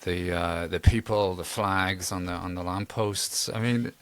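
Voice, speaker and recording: A man's voice: deep voice, steady tone, measured pace, clean tone. A man co-hosting a podcast, asking long rambling questions full of restarts. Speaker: podcast co-host. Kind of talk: casual podcast interview.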